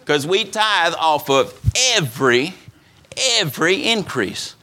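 A middle-aged man preaching a sermon as pastor, folksy and emphatic, often repeating words as he builds to louder peaks. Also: medium pitch, lively intonation, measured pace.

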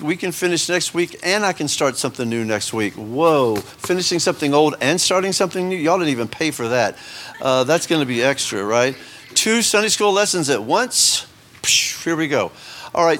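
A man's voice: fairly high pitch, a bit bright. A man teaching a Sunday school lesson to a congregation, chatting with joking asides and frequent restarts. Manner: conversational, joking asides, many fillers and restarts. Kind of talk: casual Bible lesson to a congregation.

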